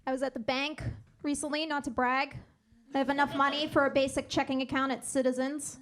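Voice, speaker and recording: Woman comic on stage, high voice, dry one-liners, waits for the laughs. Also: little pitch movement, fairly quick, fairly bright tone. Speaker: stand-up comedian. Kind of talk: stand-up set. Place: comedy club stage.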